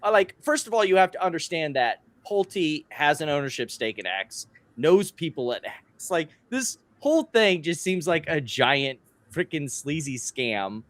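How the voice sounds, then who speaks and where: A man's voice: a little high, sing-song, measured pace, a bit bright, no echo. A man co-hosting a casual commentary show, sarcastic and exasperated, on a close mic. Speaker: co-host.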